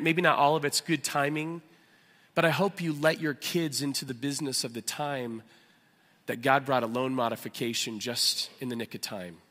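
A man preaching a sermon as pastor, with earnest, animated storytelling. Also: medium pitch, long reverb tail. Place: church sanctuary.

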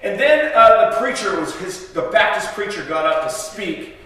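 A guest preacher delivers a storytelling sermon in a church sanctuary, his high voice sharp with lively intonation at a moderate pace. He's chatty, keeps interrupting himself, and laughs at his own jokes, recorded on a distant mic in an echoey hall.

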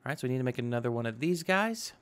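This gaming YouTuber speaks very fast and very animatedly, his medium-pitched voice smooth and a bit bright. He's doing casual let's-play commentary on his own gameplay, chatting, thinking aloud, and tossing in exclamations.

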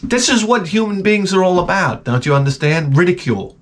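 A man telling rambling comedic stories in a profane, animated way, often slipping into mocking voices. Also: high-pitched, a little fast. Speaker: retro gaming vlogger.

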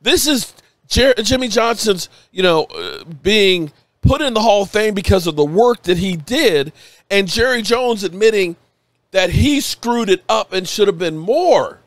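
A man's voice: sits high, lively intonation, unhurried, no echo. A man live-streaming, emotional and a bit tipsy, rambling and swearing as he rants with emphatic bursts.

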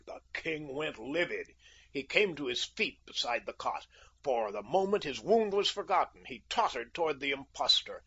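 A man narrating a story in an even, measured way, on a dull lo-fi recording. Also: medium pitch, husky. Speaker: audiobook narrator. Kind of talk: scripted narration. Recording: dull lo-fi audio.

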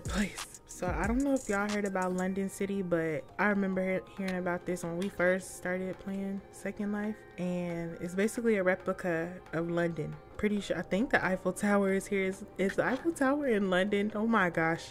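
Chatty, excitable young woman gaming vlogger. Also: mid-range voice, fairly quick, hardly any pauses, soft background music. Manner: chatty and excitable, slangy, addresses viewers as y'all. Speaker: gaming YouTuber. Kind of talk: casual game commentary.

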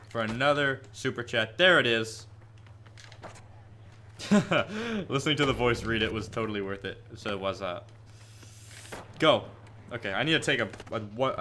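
An 18-year-old man live-streaming gameplay and answering chat questions, chatty and prone to excited, frustrated yelps. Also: medium pitch, a little hiss or hum. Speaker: gaming streamer. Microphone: headset with headphones.

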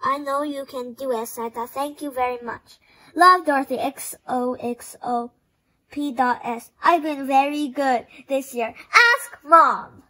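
An eager little girl penguin, earnest and hopeful, who longs to be different, as a woman reader puts her on. She talks up high and keenly, as in a read-aloud storybook. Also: steady tone, unhurried, pushed and bright. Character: young girl penguin, restless, wants to stand out.

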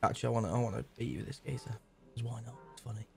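Gravelly young man, jokey. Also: mid-range voice, steady tone, racing, soft background music. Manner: jokey, teasing, laid-back. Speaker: guest gamer. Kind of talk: casual gameplay banter.

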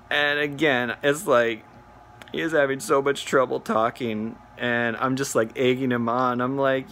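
A man retelling a prank phone call as comedic storytelling, animated and acting out both sides. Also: mid-range voice, normal speed, slight background noise. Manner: animated, mimics voices while retelling.

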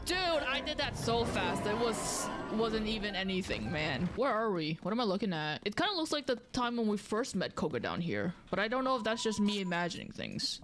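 A woman's voice: mid-range voice, big pitch swings, fairly quick, hardly any pauses. A woman streaming a video game, giving playful, jokey commentary and laughing often. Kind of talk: casual gaming commentary.

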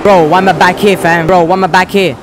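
A man's voice: sits high, steady tone, quick pace, background noise. A man, commentating a horror game playthrough, jittery and swearing, talking back to the characters. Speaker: gaming channel host.

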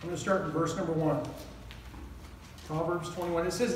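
An older man preaching a sermon as pastor, passionate and quick, often asking the congregation questions. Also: fairly high pitch, fairly even intonation, slight background noise. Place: church hall. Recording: roomy echo, mic at a distance.

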